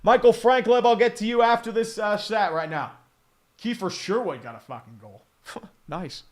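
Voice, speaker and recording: A high-pitched man in his thirties calls the game play by play as a fan streamer, swearing freely. He sounds exasperated and slips into sarcasm between plays. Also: normal speed. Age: 30s. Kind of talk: live fan play-by-play commentary.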